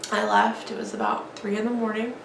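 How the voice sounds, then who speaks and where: A woman vlogger telling an emotional personal story in a halting, grieving way. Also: medium pitch, flat delivery, vocal fry, fairly bright tone. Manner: halting, grieving, many restarts and fillers. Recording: echoey room with faint background noise.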